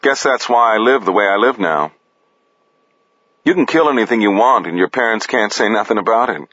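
A man narrating a gritty story in a flat, deadpan manner. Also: fairly low pitch, fairly quick, dry recording. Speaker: audiobook narrator. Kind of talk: gritty first-person and third-person narration. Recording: dull lo-fi dry recording.

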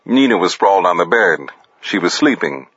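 A man narrating fiction in an expressive, deliberate manner. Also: low voice, husky, no room sound, muffled recording. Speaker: audiobook narrator.

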